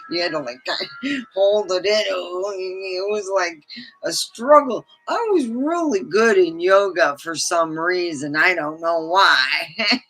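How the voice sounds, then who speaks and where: A woman's voice: medium pitch, a bit bright, poor audio. A middle-aged woman hosting a livestream, telling stories casually, chatty and laughing often as she acts out quotes. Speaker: livestream host. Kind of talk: casual storytelling.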